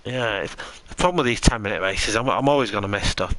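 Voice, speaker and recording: A man's voice: fairly low pitch, quick pace, fairly bright tone, a little hiss or hum, low-quality recording. A tired man giving chatty, rambling commentary on a live sim racing stream and answering his chat.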